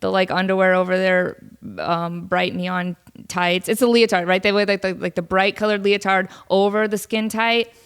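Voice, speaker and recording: A woman's voice: mid-range voice, steady tone, normal speed, smooth. A woman hosting a casual solo podcast from home, chatty and self-deprecating, with a cold. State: has a cold, sniffly. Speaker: podcast host.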